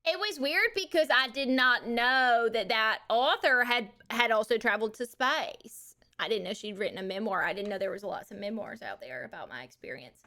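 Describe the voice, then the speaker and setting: A woman's voice: a little high, lively intonation, normal speed, few pauses, sharp tone. A woman playing a brash, crude Texan woman trucker back from space, drawling and calling everyone baby, for a live stream. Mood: deadpan. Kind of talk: live-stream character bit.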